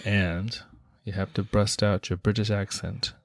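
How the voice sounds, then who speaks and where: A man's voice: fairly low pitch, a little slow, no room sound, clean studio sound. A man co-hosting a podcast in casual, joking chat, laughing at his own stories. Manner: relaxed, joking, laughs at himself. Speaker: podcast co-host.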